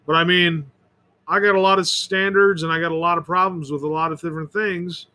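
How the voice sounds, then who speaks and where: Rambling, opinionated man with a high, bright voice. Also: fairly even intonation, brisk. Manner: rambling, opinionated, repeats and restarts words. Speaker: podcast host. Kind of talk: rambling solo monologue.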